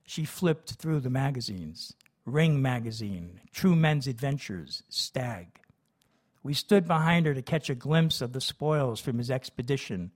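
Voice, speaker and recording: A man's voice: medium pitch, animated, a little slow. A man reading his memoir aloud, who breaks off into chatty, hesitant asides. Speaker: memoir narrator.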